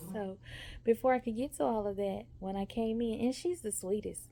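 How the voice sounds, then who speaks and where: A woman's voice: on the high side, moderate pace, creaky, dark tone, a little hiss or hum. A woman giving a chatty vlog update, telling a story and talking straight to her viewers. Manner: chatty, storytelling, says y'all and okay often. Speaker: vlogger. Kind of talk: casual talking-head update.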